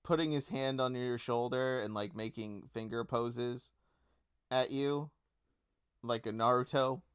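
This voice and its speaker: A man's voice: mid-range voice, fairly even intonation, a little slow, smooth. A man acting as game master, narrating a tabletop game in an easygoing way with many filler words.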